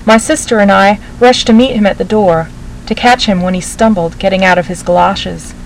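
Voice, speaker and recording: Woman calmly reading a literary story. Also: medium pitch, normal speed, a little hiss or hum, poor audio. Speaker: narrator.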